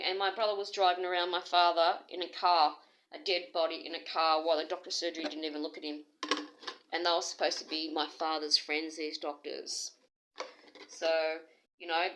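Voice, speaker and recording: A woman's voice: mid-range voice, fairly bright tone, slight background noise, rough recording. An Australian woman rambling through an agitated, aggrieved personal complaint, jumping from one story to the next. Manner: agitated, aggrieved, jumps between stories.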